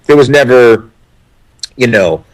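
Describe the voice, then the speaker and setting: A man's voice: mid-range voice, slow, poor audio. A man, an actor being interviewed, telling casual anecdotes with many restarts and some swearing. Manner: animated storyteller, frequent restarts and swearing.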